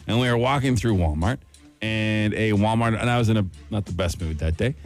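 A middle-aged man hosting a radio show, chatting casually with co-hosts, jokey and quick to laugh. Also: fairly low pitch, soft background music. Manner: animated, laughs often, jokey. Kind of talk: casual chat.

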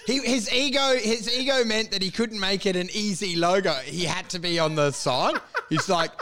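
A man's voice: high voice, moderate pace, a crowd in the background. A man co-hosting a casual comedy chat, riffing playfully, swearing, laughing through his lines and singing silly jingles. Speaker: podcast co-host.

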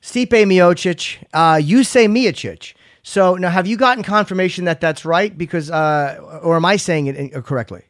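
A man's voice: on the high side, fairly quick, few pauses, fairly bright tone, dry recording. A man hosting a podcast in casual chat, loose and stumbling, swearing now and then. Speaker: podcast host.

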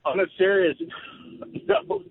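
A man with a fairly high voice calling in over a tinny phone line with a faint hiss. He chats casually and rambles, stacking up restarts and quick asides. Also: huge pitch swings, gravelly. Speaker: radio show regular on the phone. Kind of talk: casual talk radio chat.

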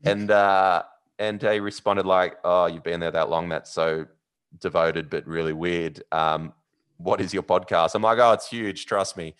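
An Australian man with a very low voice tells a long story in casual chat. He rambles, fills gaps with ums, and gets animated as the story builds. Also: a little slow, clean tone. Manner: animated, rambling, with fillers and loud yelled bits. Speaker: podcast host.

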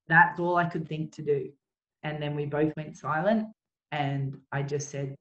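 Woman guest, earnest and halting, roomy and dull recording. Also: low-pitched, a bit bright. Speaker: interview guest. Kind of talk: emotional personal account.

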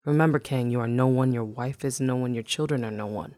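A man's voice: mid-range voice, a little fast, a little mellow, no room sound, natural voice. A man reading the lines of an earnest messenger who warns a family in a spoken memoir. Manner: earnest, solemn.

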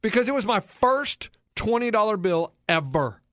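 High-voiced man telling a lively story. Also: normal speed, no echo, studio quality. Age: 30s. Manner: animated, acts out quoted voices. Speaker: podcast host. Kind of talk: casual storytelling chat.

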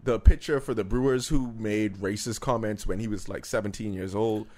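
A man's voice: fairly low pitch, normal speed, warm tone. A man co-hosting a casual podcast, talking at length and building his points through hypotheticals. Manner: discursive, builds arguments with hypotheticals. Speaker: podcast co-host.

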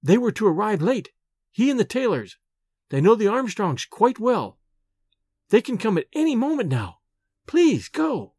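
A man reading aloud and voicing an earnest, refined young woman who speaks in a hurried, pleading way. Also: high voice, sing-song, no room sound, studio quality. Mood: anxious.

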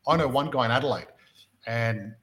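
A man's voice: mid-range voice, normal speed, fairly bright tone. An Australian man hosting a property-investment podcast, chatting casually and making his points through stories and rhetorical questions.

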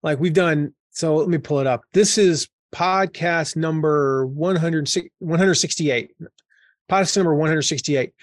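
A man speaking as an author guest on a podcast, relaxed and chatty, chuckling and using lots of fillers. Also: on the high side, a little slow, no echo, clean studio sound. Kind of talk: casual conversational interview.

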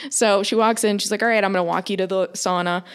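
Animated young woman telling a story. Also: medium pitch, quick pace, clean tone. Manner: animated storyteller, acting out quoted voices. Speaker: podcast co-host. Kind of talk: casual chat.

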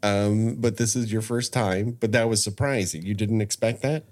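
A man's voice: lowish voice, steady tone, normal speed, darkish tone. A middle-aged man hosting a podcast, chatting casually and explaining things at length with frequent restarts. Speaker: podcast host. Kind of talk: casual chat.

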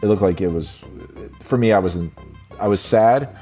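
Man, very deep voice, blunt, swears, mocking, casual film review, faint music. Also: moderate pace, warm tone. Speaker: podcast co-host. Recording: faint synth music behind.

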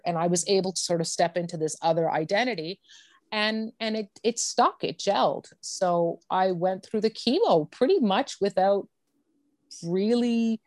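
A woman's voice: medium pitch, normal speed, dry recording. A woman guest telling a personal story candidly and bluntly, swearing freely and laughing easily.

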